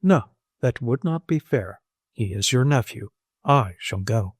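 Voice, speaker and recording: A man's voice: mid-range voice, lively intonation, measured pace, husky, no room sound, clean studio sound. A man voicing a cool, firm young woman. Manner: cool and firm, rises when insistent. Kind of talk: audiobook character voice.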